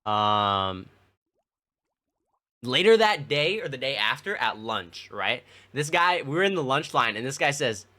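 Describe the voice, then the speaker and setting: Animated, swearing young male streamer. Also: medium pitch, unhurried. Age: young adult. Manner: rambling, profane, lots of fillers. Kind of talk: casual storytelling to chat.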